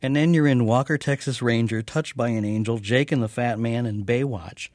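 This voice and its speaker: Older male interviewer, mid pitch, dry close sound, chatty and wry. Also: normal speed, a little mellow, no room sound. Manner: chatty, wry, laughs easily. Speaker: interviewer, TV critic. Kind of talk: interview questions.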